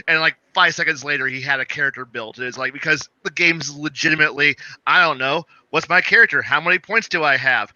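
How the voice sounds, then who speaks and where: A man telling a gaming story in casual chat, animated and laughing, acting out his friends' lines. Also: a little high, brisk, few pauses, no echo, highs cut off.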